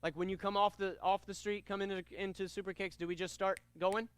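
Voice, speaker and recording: High-voiced, commanding male karate instructor. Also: a little fast, clear, resonant tone. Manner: commanding call-and-response drills; energetic and upbeat. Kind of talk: teaching a kids' martial arts class.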